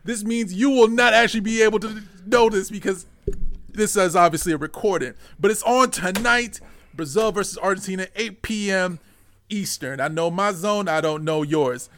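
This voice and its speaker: Excitable higher-voiced man podcast co-host. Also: moderate pace, a little hiss or hum. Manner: excitable, swearing, stumbles over names. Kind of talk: casual sports chat.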